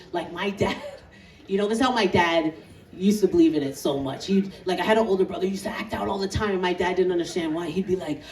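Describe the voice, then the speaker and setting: A woman in her thirties from Canada doing a stand-up comedy set on an outdoor stage, animated and laughing through her punchlines. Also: fairly low pitch. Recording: echoey outdoor set from a distance, crowd laughter.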